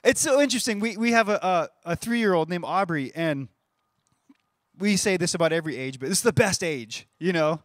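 Male pastor, thirties, conversational sermon, fairly high voice, dry close sound. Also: fairly quick, no echo. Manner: conversational, animated, with playful voiced asides. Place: church stage.

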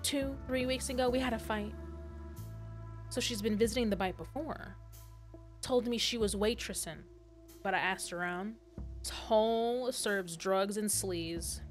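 A woman's voice: mid-range voice, a little slow, pauses often, soft background music, natural voice. A woman voicing a fierce, worried middle-aged mother with a Southern twang in a video game. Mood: desperate.

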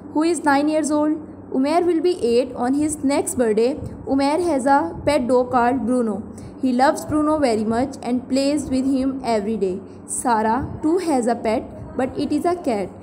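Woman reading a kids passage, high but mellow, steady and even. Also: slight background noise, low-quality recording. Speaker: story reader. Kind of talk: reading a short passage aloud.

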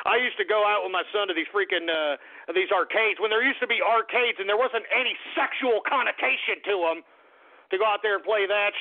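A middle-aged man hosting call-in talk radio in a blustery, profane, ranting manner. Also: high-pitched. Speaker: radio host. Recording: tinny phone-like broadcast audio.

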